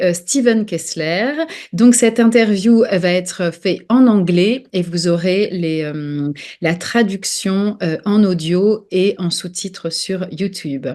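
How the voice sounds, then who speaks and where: A woman's voice: medium pitch, dark tone. French-accented woman hosting an interview. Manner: hesitant, searching for English words, many fillers. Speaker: podcast host.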